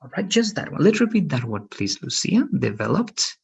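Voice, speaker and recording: Gravelly man teaching English pronunciation. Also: high-pitched, big pitch swings, fairly quick. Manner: patient, explains with many "right?" checks. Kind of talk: online pronunciation lesson.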